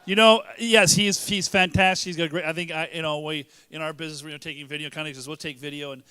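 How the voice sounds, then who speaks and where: A man's voice: a little high, steady tone, fast talker, sharp tone, clean tone. Joking rambling male emcee. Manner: joking, rambling, self-interrupting. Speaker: event emcee. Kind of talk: casual emcee banter. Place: church hall fundraiser.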